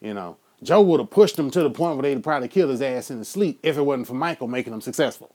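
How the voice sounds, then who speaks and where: A man's voice: mid-range voice, a little mellow. Profane ranting man. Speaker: podcast host. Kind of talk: profane political rant.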